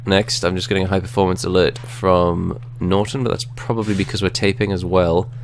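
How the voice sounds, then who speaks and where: A man with a fairly low voice chats casually over a video game and reads its menus and story text aloud. Faint background noise from a home setting sits under the voice. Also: flat delivery, fairly quick. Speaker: co-host playing a game. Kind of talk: casual gaming chat.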